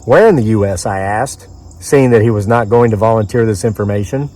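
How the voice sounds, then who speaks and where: A man's voice: fairly low pitch, a little fast, warm tone. A man from the mid-Atlantic United States reading his own story aloud outdoors in the woods, in a dry, conversational storyteller's manner with offhand asides.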